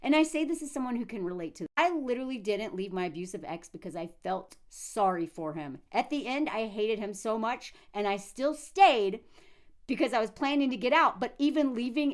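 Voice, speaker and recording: High-pitched woman ranting blunt commentary, bouncy voice, lots of quick asides. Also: a bit bright. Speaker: commentary vlogger. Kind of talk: casual reaction commentary.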